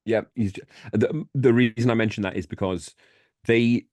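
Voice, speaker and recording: A man's voice: on the low side, steady tone, moderate pace, a little mellow, no echo. A man co-hosting a casual podcast, rambling with many fillers and the odd swear word. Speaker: podcast co-host.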